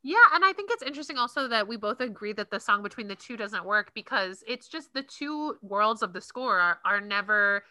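Bright-voiced woman in casual chat. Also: medium pitch, expressive, brisk, hardly any pauses, no room sound. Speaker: podcast co-host. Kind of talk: casual chat about musical theatre.

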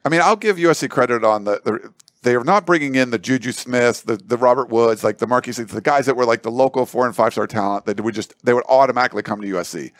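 Brief: male panel analyst, rambling and casual, mid-pitched voice, dry close sound. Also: fast talker, dry recording. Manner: rambling, loose, full of fillers and analogies. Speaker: sports analyst.

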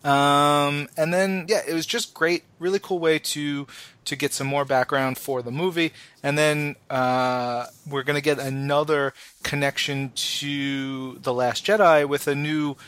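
A man's voice: fairly high pitch, steady tone, unhurried, fairly bright tone, smooth. A man co-hosting a podcast in casual chat, enthusiastic and rambling with many fillers. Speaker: podcast co-host.

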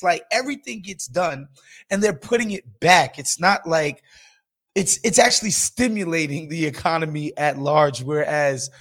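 A man co-hosting a podcast, talking in an animated, profane, emphatic way about the economy. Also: high-pitched. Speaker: podcast co-host. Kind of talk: casual political chat.

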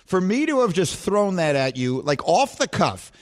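A man's voice: sits high, sing-song, normal speed. A man hosting a radio call-in show, chatting casually and enthusiastically with callers and laughing often.

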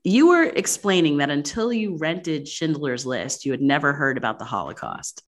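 A woman's voice: deep voice, sing-song, moderate pace. A woman hosting a casual interview, talking in a chatty way full of "like". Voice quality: chatty, frequent "like" fillers. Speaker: podcast host.

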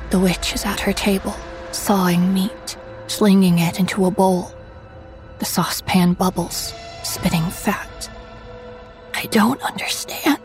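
A woman narrating a first-person horror story in a hushed voice that often drops to a whisper. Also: medium pitch, rough recording.

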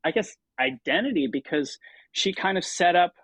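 A man's voice: high voice, normal speed, husky, no room sound, low-quality recording. Hesitant man telling stories, dry sound. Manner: hesitant, lots of fillers and restarts, animated when quoting himself. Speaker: interview guest, stage and television performer. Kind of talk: relaxed conversational storytelling.

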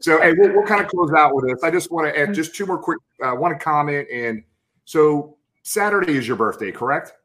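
A man's voice: on the high side, lively intonation, fairly quick, fairly bright tone. A middle-aged man hosting a casual sports interview, enthusiastic and full of hype, calling his guest brother and man. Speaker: host.

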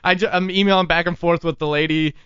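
A man's voice: a little high, fairly even intonation, quick pace, a bit bright, smooth, no room sound, lo-fi sound. A man hosting a casual talk show, telling rambling stories with plenty of restarts. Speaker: podcast host. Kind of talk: casual chat.

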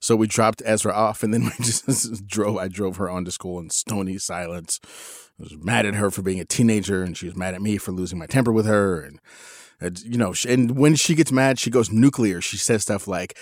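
A man's voice: a little fast, no room sound, clean studio sound. A man in his forties telling a casual story about his teenagers, acting out the quotes with sudden leaps in his voice. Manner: animated, acts out quotes with big pitch jumps. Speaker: podcast co-host.

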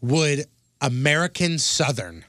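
A man's voice: fairly high pitch, sing-song, slow pace, fairly bright tone, dry recording. A man co-hosting a radio show, easygoing and laughing at himself. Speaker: radio co-host. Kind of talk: casual radio banter.

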